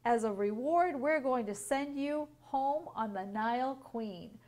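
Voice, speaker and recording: A woman's voice: high-pitched, lively intonation, a little slow, a little mellow. A woman playing a formal museum director.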